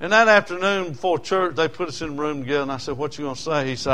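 A man's voice: fairly high pitch, steady tone, quick pace, bright, forceful tone, a little hiss or hum. Folksy preacher man telling stories. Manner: folksy storytelling, rising to emotional peaks. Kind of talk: sermon with personal testimony.

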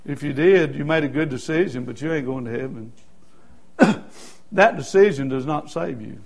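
Man, high voice, sermon testimony, folksy storyteller, quiet to shouting. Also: animated, moderate pace, vocal fry. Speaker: preacher.

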